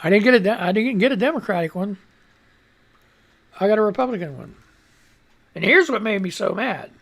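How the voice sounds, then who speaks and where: A man's voice: high voice, lively intonation, brisk, creaky, fairly bright tone. Rambling, foul-mouthed male radio host. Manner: rambling and profane, stumbling over words. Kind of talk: casual rambling news commentary.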